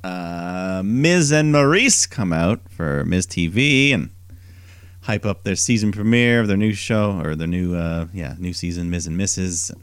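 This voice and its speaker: Co-host, male, low voice with lively swings, chatty recap storyteller. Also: measured pace, smooth, no room sound, clean studio sound. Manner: animated storytelling, mimics quoted wrestlers in higher voice. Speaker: podcast co-host. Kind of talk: casual wrestling recap.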